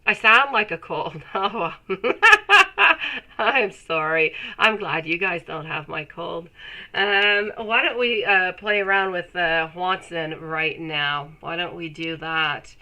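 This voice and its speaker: A woman with a cold and a stuffy, nasal voice, chatting warmly with her viewers while reading tarot on a live stream. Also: on the low side, takes it slowly, rough recording. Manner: chatty, affectionate, laughs often. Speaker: tarot reader.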